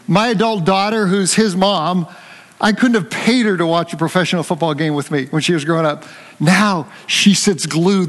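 An older man preaching a conversational sermon, telling a lively story and joking with his congregation. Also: fairly high pitch, big-room sound. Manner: animated storytelling, jokes with the congregation.

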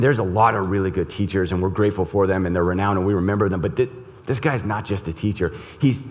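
A man's voice: low voice, darkish tone, slight background noise. A pastor reading scripture and then preaching, earnest and emphatic, often repeating words as he builds a point. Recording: long reverb in a large hall.

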